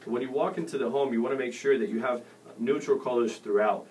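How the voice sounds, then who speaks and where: A man's voice: mid-range voice, a little fast, a little mellow. A middle-aged man hosting a real estate radio show, giving advice in a rambling way with many fillers and restarts. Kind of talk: casual radio advice talk. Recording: distant mic with faint noise.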